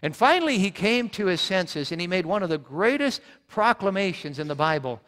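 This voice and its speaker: A male pastor's sermon echoes with long reverb through a church sanctuary. He speaks fairly quickly in a high, sing-song, fairly bright voice, earnest in tone, often restarting his words and repeating points for emphasis.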